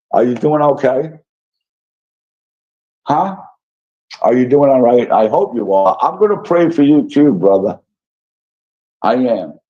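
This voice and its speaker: A man's voice: medium pitch, mellow. A man hosting a casual livestream, reading chat messages aloud and answering them in a rambling, apologetic way with many fillers. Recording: dull lo-fi stream audio.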